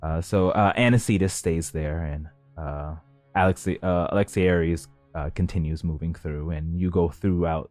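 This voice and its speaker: Deep-voiced man narrating a tabletop game. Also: fairly even intonation, measured pace, mellow, dry recording, faint music behind. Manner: descriptive, frequent fillers. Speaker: game master.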